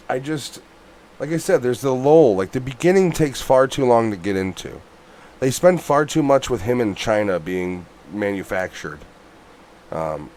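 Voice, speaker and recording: A man co-hosting a casual movie review podcast who talks bluntly, swears a lot and gets worked up. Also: on the low side. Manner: blunt, swears often, animated rants. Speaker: podcast co-host.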